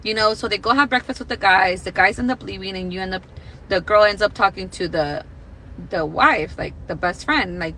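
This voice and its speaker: A woman's voice: mid-range voice, brisk, pushed and bright, a little hiss or hum, rough recording. A woman on a podcast telling a long story in casual chat, full of "like", acting out what people said. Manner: rambling, heavy use of "like", acts out quoted dialogue. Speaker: podcast co-host.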